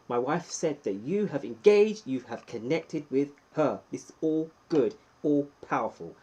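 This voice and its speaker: An English man hosts a casual live stream, greeting viewers by name and joking between shout-outs. His voice is mellow and a little husky. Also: fairly high pitch, animated, unhurried, few pauses. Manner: playful, gives chatty shout-outs to viewers. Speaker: live streamer hosting a YouTube chat.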